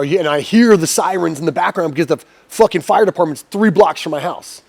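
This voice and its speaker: A man in his forties telling a long, profane story as a podcast guest, energetic and swearing freely. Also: on the high side, fairly quick, gravelly, hardly any pauses, no echo. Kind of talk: casual storytelling.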